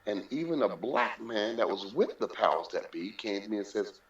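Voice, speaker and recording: A man's voice: lowish voice, normal speed. A man speaking as an interview guest about his life, telling it candidly and with emphasis, often repeating key phrases. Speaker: interview guest, boxing figure. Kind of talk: candid personal storytelling. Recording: roomy, dull lo-fi sound.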